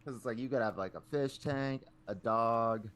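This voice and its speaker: A man co-hosting a podcast, talking in a laid-back, halting way full of "like". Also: medium pitch, fairly bright tone. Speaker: podcast co-host. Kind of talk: casual podcast chat.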